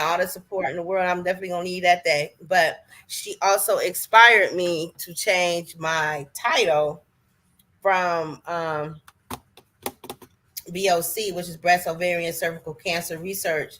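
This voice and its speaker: Bright-voiced woman chatting earnestly. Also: on the low side, steady tone, unhurried. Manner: earnest, rambling, with many fillers. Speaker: podcast guest. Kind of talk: casual podcast chat.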